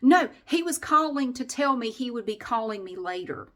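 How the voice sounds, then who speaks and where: Woman on her vlog ranting about a story, kinda high voice, exasperated, going loud then muttering low. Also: normal speed. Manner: exasperated and animated, swings between loud outbursts and low asides. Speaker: vlogger. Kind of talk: comedic storytelling rant.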